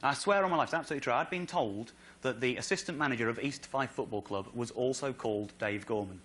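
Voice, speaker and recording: An English man telling a story on stage as a stand-up comedian, excitable, with incredulous outbursts. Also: fast talker. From England. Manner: excitable, builds to incredulous high-pitched outbursts. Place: stage in front of a live audience.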